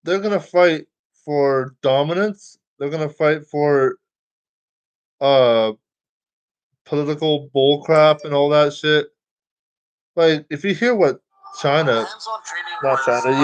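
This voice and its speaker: A man talking casually to his viewers, rambling, restarting lines and swearing freely. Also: fairly high pitch. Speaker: vlogger.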